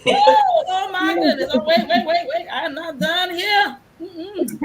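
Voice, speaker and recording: A woman hosting a live stream show over a video call, effusive and excited as she welcomes each guest. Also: very high-pitched, unhurried, over a noisy crowd, poor audio. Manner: excited, effusive, laughing and shouting greetings. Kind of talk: enthusiastic live stream introductions.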